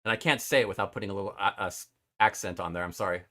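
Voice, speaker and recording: A man hosting a casual live-streamed chat show, animated and often laughing and stumbling over his words. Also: lowish voice, very fast, crowd noise. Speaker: show host.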